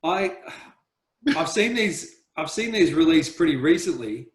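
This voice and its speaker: A man's voice: a little high, animated, measured pace. A middle-aged man in a casual podcast chat, talking bluntly and sarcastically. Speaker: podcast co-host. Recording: roomy echo.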